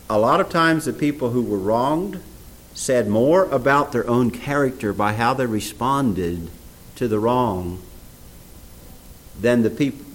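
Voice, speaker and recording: A man with a mid-range voice preaches an animated sermon, reading scripture aloud in old English and putting questions to the audience. The recording is low quality, with slight background noise.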